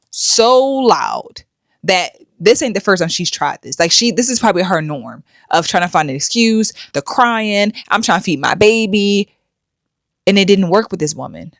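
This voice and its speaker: A woman's voice: lowish voice, no echo, studio quality. A middle-aged woman hosting a commentary show, blunt and lecturing. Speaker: host. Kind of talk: commentary vlog.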